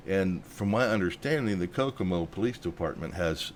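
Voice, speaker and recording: A man's voice: low-pitched, expressive, normal speed, slight background noise. A man hosting a news commentary, indignant and worked up. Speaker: host.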